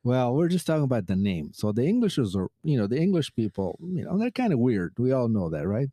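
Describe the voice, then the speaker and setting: Fast and very animated, this man's dark-toned, mid-range voice comes through with no room sound as he co-hosts a podcast, swapping casual stories and laughing a lot.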